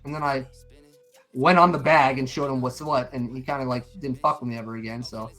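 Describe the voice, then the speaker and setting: Soft music plays behind a middle-aged stream co-host as he chats casually in a medium-pitched, fairly quick voice. Animated and profane, he tells stories and acts out other people's quotes.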